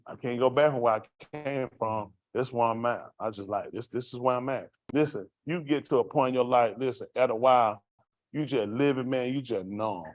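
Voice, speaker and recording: At medium pitch and a slightly quick pace, a man tells his story to a congregation with no room sound. It's a raw street-life testimony in vernacular speech, punctuated by rhetorical questions aimed at the room.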